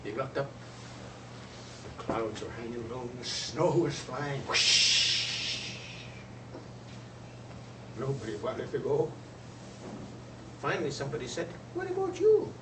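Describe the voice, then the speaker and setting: A man telling a traditional folk tale aloud in an expressive storyteller's manner. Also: medium pitch, takes it slowly, pauses often, background noise. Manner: expressive, lively voices for characters. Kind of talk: oral storytelling. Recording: roomy, distant, faint ambience.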